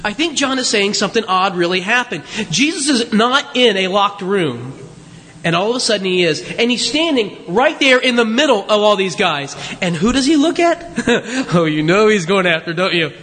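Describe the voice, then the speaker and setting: Preaching in a church sanctuary, a male pastor uses a high, very animated, slightly bright voice at normal speed. The sermon is conversational, with rhetorical questions and asides to the congregation, and the large hall's long reverb is audible.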